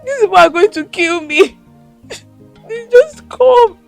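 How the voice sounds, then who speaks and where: A woman's voice: high-pitched, normal speed, a little mellow, faint music behind, natural voice. A woman playing a crying, pleading Nigerian girl. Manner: tearful, pleading. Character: mistreated young woman pleading, accused of theft.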